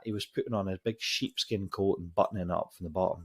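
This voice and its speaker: A podcast host tells a long story in a loose, rambling way. His voice is low and husky, and he swears freely, often stopping to restart a sentence. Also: a little fast, a little mellow. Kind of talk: casual storytelling.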